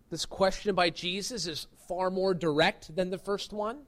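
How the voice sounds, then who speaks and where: A man's voice: sits high, steady tone, normal speed, few pauses, fairly bright tone. A man preaching a sermon as pastor, earnest and emphatic, pressing his points with rising stresses.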